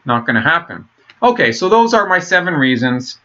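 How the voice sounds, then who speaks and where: A man rambles through a casual vlog monologue in a bright, forceful voice. He talks in halting, profane bursts and restarts often. The recording is muffled and lo-fi. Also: fairly high pitch, sing-song. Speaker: vlogger.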